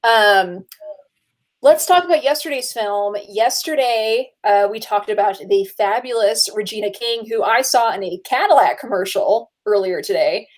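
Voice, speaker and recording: A woman's voice: medium pitch, moderate pace, rough recording. A woman hosting a casual chat about films, chatty and laughing often. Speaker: host.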